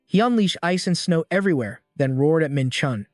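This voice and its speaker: A man narrates a story recap in a steady, scripted read-aloud style. His voice sits a little high, and he barely changes it for the characters' lines. The sound is dry and close, with faint music underneath. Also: fairly quick, dry recording.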